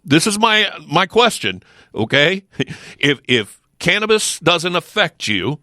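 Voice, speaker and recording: A middle-aged man speaks as a regular guest in a radio studio. His voice is bright and forceful, and the close mic gives a dry sound. His talk is emphatic, with rhetorical questions and quick restarts. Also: on the high side, very animated, no echo. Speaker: sheriff's office lieutenant, regular guest. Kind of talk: casual studio chat.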